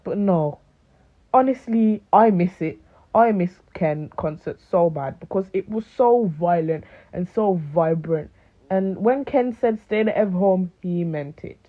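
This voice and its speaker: A woman's voice: fairly low pitch, measured pace. Chatty young woman, thin phone-like sound. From United Kingdom. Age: late teens. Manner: animated, rambling, lots of fillers. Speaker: vlogger. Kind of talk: casual chat to camera.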